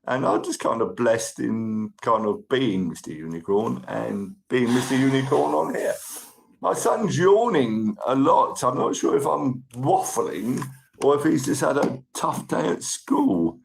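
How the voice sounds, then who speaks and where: Croaky, gravelly British man chatting live. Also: medium pitch, expressive, a little slow, slight background noise. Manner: chatty and upbeat, easily overexcited. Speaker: livestream host. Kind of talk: casual chat reading viewer comments.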